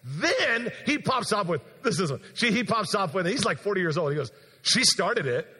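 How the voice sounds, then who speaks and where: A man preaching a sermon as pastor, telling an animated story with acted-out quotes before a congregation in a large church. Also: sits high, normal speed, breathy edge. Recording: long church hall reverb.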